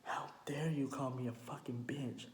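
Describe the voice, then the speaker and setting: A man voicing a strict female schoolteacher scolding a student, slow and indignant. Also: mid-range voice, fairly even intonation, lightly acted. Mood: stern scolding. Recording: roomy echo, faint background noise.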